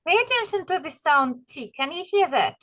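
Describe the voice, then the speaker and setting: A woman with a Russian accent, a native Russian speaker, teaching an English lesson online. She encourages her students and repeats phrases slowly to model pronunciation. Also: high voice, big pitch swings, a bit bright.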